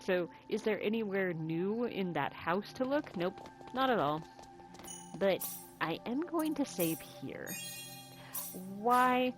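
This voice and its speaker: A woman's voice: medium pitch, animated, measured pace, rough recording. A woman hosting a game walkthrough in casual, chatty commentary over game music. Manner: chatty, rambling. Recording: game music playing behind.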